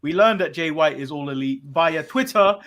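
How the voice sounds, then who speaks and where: A man's voice: a little high, lively intonation, moderate pace, fairly bright tone. A man from England co-hosting a casual wrestling recap, bantering with exasperated sarcasm. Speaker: podcast co-host.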